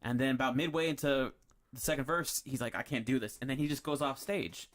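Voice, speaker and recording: A man's voice: mid-range voice, fairly quick, fairly bright tone. A man hosting a podcast, chatting casually and rambling through a story with lots of fillers and restarts. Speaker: podcast host. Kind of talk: casual chat.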